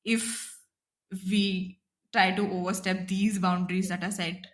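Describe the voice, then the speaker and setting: A woman's voice: medium pitch, little pitch movement, unhurried. A woman with an Indian English accent, hosting a casual panel discussion and talking with frequent hesitations. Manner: hesitant, many restarts and fillers. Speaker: podcast host.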